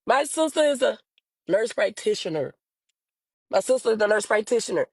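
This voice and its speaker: A woman's voice: a little high, very animated, moderate pace, darkish tone, breathy edge, no echo, rough recording. A young woman making an emotional, pleading plea to camera about her missing sister, her voice breaking into tears as she repeats herself.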